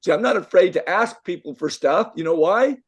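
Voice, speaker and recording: An older man working as a life coach gives an emphatic motivational talk to a live group in an event room. His high-pitched voice has lively intonation and runs a little fast as he repeats himself and fires off rhetorical questions.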